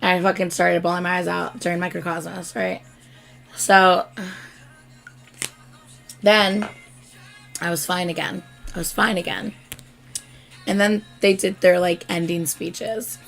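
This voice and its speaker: A young woman hosting a casual live stream, telling a story excitedly and swearing freely. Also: lowish voice, a little slow, creaky, pauses often, soft background music. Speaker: host.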